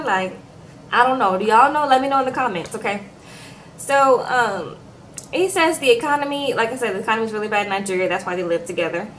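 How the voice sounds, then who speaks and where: A woman's voice: sits high, expressive, moderate pace, fairly bright tone, a little hiss or hum, rough recording. A woman giving a casual, chatty recap of a reality show, talking straight to her viewers with lots of fillers. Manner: chatty, addresses viewers directly with frequent fillers.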